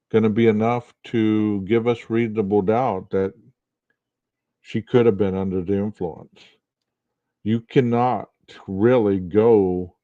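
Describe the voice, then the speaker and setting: Low-voiced man in a dull dry recording. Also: mellow, no room sound. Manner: argumentative, asks rhetorical questions. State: early-morning voice. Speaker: podcast host. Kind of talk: casual true-crime commentary.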